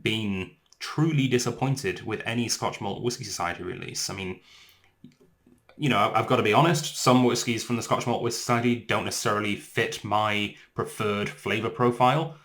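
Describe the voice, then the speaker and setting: A man with an English accent, hosting a casual whisky tasting vlog in an excitable, enthusiastic way. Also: on the low side. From England. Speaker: whisky reviewer.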